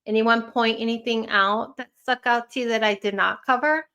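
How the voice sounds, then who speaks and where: A woman's voice: fairly high pitch, fairly even intonation, moderate pace, pushed and bright. A woman with a Chicago accent hosting a casual livestream chat, rambling and chatty with lots of fillers. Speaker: livestream host.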